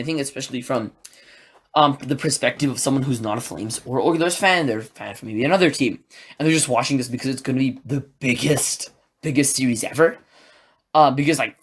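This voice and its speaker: A man hosting a solo sports podcast, recapping a game in an excitable, rambling way and acting out his own reactions. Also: medium pitch, quick pace, breathy edge. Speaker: podcast host.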